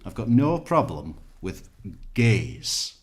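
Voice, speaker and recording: A man voicing a blustering bigoted northern English man in a comedy sketch bit, loud, slow and emphatic. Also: fairly low pitch, big pitch swings.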